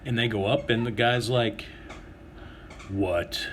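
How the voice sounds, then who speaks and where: A man's voice: medium pitch, fairly even intonation, slow pace, pauses often, a bit bright, a little hiss or hum. A man telling a profane, sarcastic story to camera, swearing constantly and acting out other people's lines in a raised voice. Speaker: vlogger. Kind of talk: profane comic storytelling rant.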